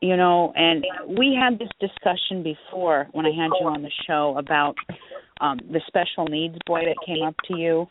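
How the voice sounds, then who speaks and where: A woman's voice: low voice, normal speed. A woman hosting a talk radio show, chatting casually and gushing over her guest. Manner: gushing, chatty, warm-hearted asides. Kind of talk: casual phone interview chat. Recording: tinny phone line with faint hiss.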